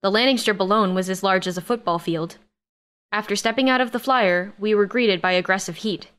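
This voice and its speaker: A woman narrating a science-fiction romance audiobook in the first person, with a steady, expressive reading. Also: medium pitch, fairly quick, smooth.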